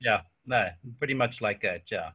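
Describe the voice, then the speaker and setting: South African man, bright easygoing voice. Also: fairly low pitch, normal speed, husky. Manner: relaxed storytelling with frequent fillers and "yeah". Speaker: interview guest. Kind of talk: casual chat.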